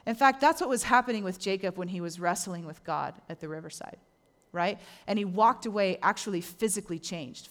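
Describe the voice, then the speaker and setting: Animated woman preaching a sermon. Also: mid-range voice. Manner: animated, acts out quoted voices. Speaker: pastor.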